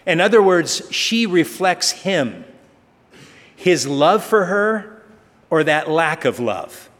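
A pastor delivers a sermon in a slow, sing-song voice that sits on the high side, with a fairly bright tone. He tells stories conversationally and poses rhetorical questions. The long reverb of a large hall fills the recording.

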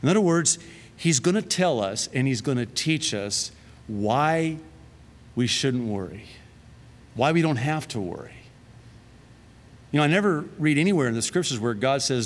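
A man preaching a sermon in a lively, conversational way, often laughing at his own jokes. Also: mid-range voice, moderate pace, pauses often. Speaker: pastor. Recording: long reverb of a large hall.

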